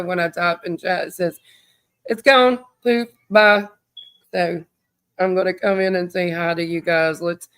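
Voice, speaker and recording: A woman's voice: fairly low pitch, clean tone. A tired woman, hosting a true crime livestream in a rambling, chatty way and greeting viewers by name. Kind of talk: casual livestream chat.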